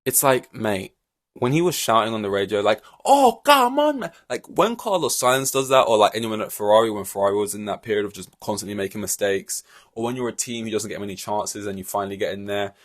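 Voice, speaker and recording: A man's voice: on the low side, fast talker. A man hosting a solo podcast, ranting in an exasperated, rambling way with many fillers and restarts. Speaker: podcast host.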